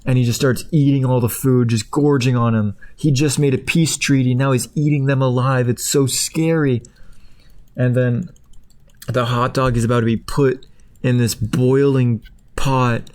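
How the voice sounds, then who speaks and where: A man's voice: medium pitch, fairly even intonation, measured pace, a little mellow. A man casually retelling a story in a meandering, chuckling way, with lots of fillers. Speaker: video creator. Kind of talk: casual rambling plot retelling.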